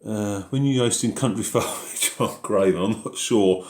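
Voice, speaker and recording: Easygoing low-voiced farmer man. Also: a little slow, darkish tone, roomy sound. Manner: easygoing, reads out viewer questions then answers. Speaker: farming video host answering live chat. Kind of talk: casual live Q&A chat.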